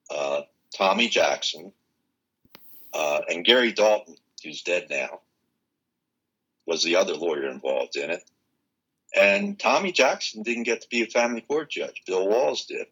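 An older man, a guest in an interview, telling a personal story in an animated way and acting out the exchanges he quotes. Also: low voice, measured pace, pauses often, breathy edge, poor audio.

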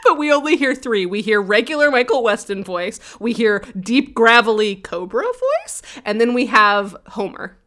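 A woman co-hosts a podcast, chatting through a TV episode in a casual, sardonic way. Her voice has a bright, sharp edge. She slips into mocking voices for the characters. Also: a little high, very animated. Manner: quick, wry and profane, acting out lines from the show in a mocking voice. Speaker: podcast co-host recapping a TV episode. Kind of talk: casual recap chat.

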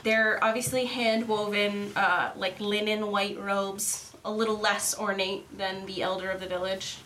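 A woman's voice: mid-range voice, little pitch movement, a little slow, bright, forceful tone. Young woman game master, loose and chatty narration, faint hiss. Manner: casual, rambling, laughs often.

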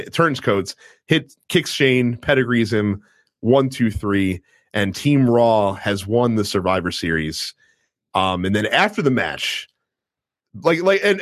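Lively man recapping wrestling with a friend. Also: mid-range voice, dry recording, studio quality. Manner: animated storytelling, acts out wrestlers' lines, swears casually. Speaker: podcast co-host. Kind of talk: casual wrestling recap chat.

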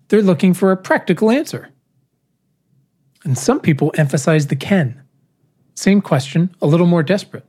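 A speaker giving a prepared keynote talk, with measured, rhetorical phrasing and emphatic pauses. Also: medium pitch, expressive, darkish tone, slightly rough.

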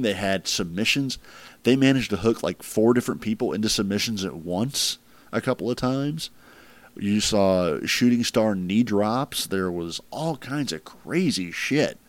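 A man's voice: lowish voice, lively intonation, a little slow, dry recording. A man hosting a casual podcast chat, rambling with lots of fillers. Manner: rambling, filler-heavy, laughs at crude jokes. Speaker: podcast host ranking wrestling matches.

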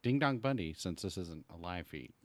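A man co-hosting a casual podcast, wisecracking and quick to agree with his co-host. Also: low voice, expressive, dry recording.

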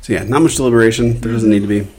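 A man's voice: on the low side, rapid-fire, a little mellow, husky. A man co-hosting a podcast in casual chat, wisecracking and blunt, swearing freely. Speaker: podcast co-host. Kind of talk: casual chat recapping a reality show.

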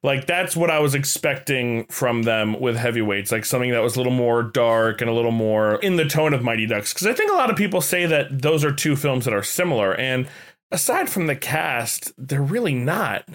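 A man's voice: medium pitch, lively intonation, fairly quick, a bit bright. A man co-hosting a casual podcast, chatty and agreeable, filling in with "right" and "like". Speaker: podcast co-host. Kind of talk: casual chat.

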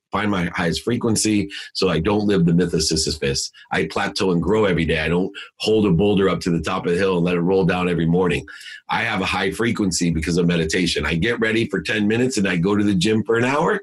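A man's voice: low voice, fast talker, slightly rough. A middle-aged man, a guest speaker, telling a motivational story in an emphatic, preachy way that repeats key words.

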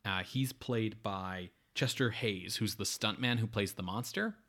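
A man's voice: fairly low pitch, a little slow, a bit bright. A man co-hosting a podcast, chatting casually about a bad movie in a rambling, sardonic way full of "like" and fillers. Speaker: podcast co-host. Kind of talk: casual movie review chat.

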